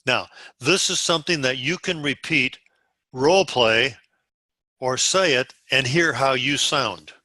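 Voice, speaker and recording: A man's voice: mid-range voice, unhurried, bright, forceful tone, dry recording. A man leading a sales group over a video call, walking them through phone scripts step by step in an instructive way. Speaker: sales team leader.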